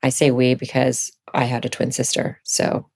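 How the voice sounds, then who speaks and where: A middle-aged woman from Virginia, a podcast guest, chatting casually and telling animated stories, leaping up in pitch for quoted lines. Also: normal speed, gravelly. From Virginia, USA. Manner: animated storyteller, jumps high for quoted lines. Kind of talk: casual chat.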